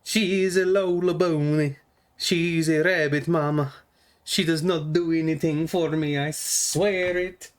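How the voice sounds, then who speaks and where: A man voicing a whiny young male furry convert pleading with his mother, in a slow, high, drawn-out whine. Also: fairly even intonation.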